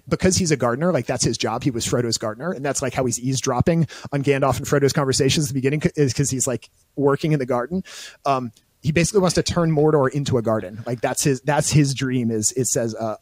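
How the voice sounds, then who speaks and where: A man's voice: medium pitch, fairly quick, a little mellow, no echo. A man who is a podcast guest, explaining eagerly in a casual discussion full of fillers and restarts.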